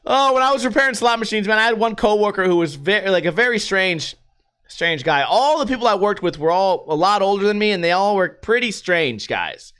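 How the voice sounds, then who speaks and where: Lively, profane young male podcast host. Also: high-pitched, brisk, clean tone. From United States. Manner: profane, laughing storyteller. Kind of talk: casual solo podcast chat.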